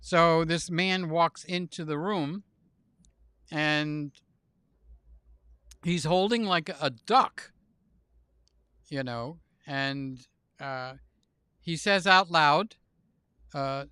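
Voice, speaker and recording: Bright-voiced man telling jokes on a livestream. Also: on the high side, drawn-out words, long pauses, clear, resonant tone, no room sound, clean studio sound. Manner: animated joke-telling, laughs at own jokes. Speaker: livestream host. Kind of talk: casual chat with guests.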